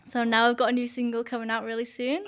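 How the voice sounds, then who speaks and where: Chatting to camera as an interview guest, this young woman sounds earnest and relaxed, leaning heavily on "like." Her voice is a little high and a bit bright.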